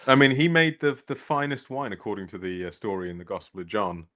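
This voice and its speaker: Man, deep low voice, easygoing podcast co-host. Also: expressive, quick pace, a bit bright. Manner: easygoing, agreeable, explanatory. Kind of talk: casual conversation.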